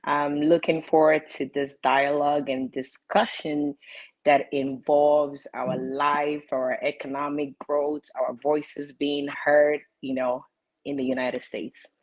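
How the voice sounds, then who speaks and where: Low-voiced woman, formal panelist. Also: little pitch movement, slow. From Nigeria. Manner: proud, formal greetings.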